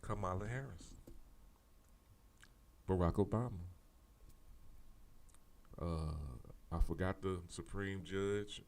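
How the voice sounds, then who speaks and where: A man's voice: low-pitched, slow pace, long pauses. A man hosting a political commentary show, talking straight to his audience in a fired-up, preachy way, repeating his points, swearing casually and restarting his sentences often. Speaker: show host.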